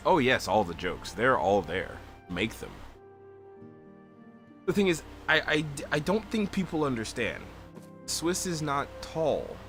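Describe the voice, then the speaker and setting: A man's voice: medium pitch, a bit bright. A man chatting casually as a streamer, rambling and giggly. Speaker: streamer reading fan content. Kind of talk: casual chat.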